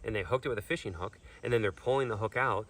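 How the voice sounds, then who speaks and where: A man's voice: on the low side, fast talker, a bit bright, distant mic. A man hosting a casual chat, ranting in exasperation about gullible people. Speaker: host.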